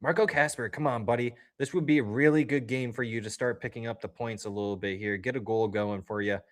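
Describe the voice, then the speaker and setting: This chatty livestream host keeps up casual commentary on a live game, speaking straight to his chat viewers and reacting loudly to plays in an upbeat manner. He has a lowish, steady voice and a brisk delivery.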